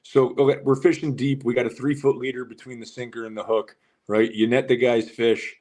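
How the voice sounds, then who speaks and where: A man's voice: medium pitch, level tone, a little fast, a little mellow. A man on a live fishing show telling long, winding stories that he peppers with swearing. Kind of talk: casual live show chat.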